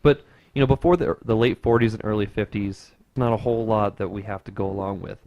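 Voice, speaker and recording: A man's voice: on the low side, steady tone, brisk, no echo, lo-fi sound. A young man co-hosting a casual podcast, rambling loosely with lots of fillers and easy laughs. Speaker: podcast co-host.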